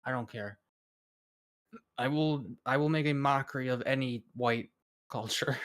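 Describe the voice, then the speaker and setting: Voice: mid-range voice, measured pace. A streamer chatting casually during a game read, swearing freely and laughing at their own slip-ups. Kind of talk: casual chat while reading a game.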